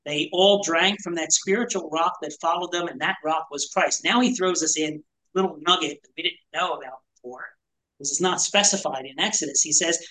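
A man's voice: on the high side, fairly quick, sharp tone, low-quality recording. A man teaching a Bible study to a small group in a conversational, explanatory way, asking rhetorical questions.

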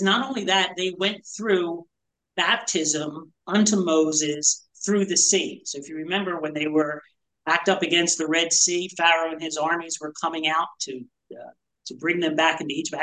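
A man's voice: on the high side, steady tone, normal speed, sharp tone, rough recording. A man teaching a Bible study to a small group in a conversational, explanatory way, asking rhetorical questions.

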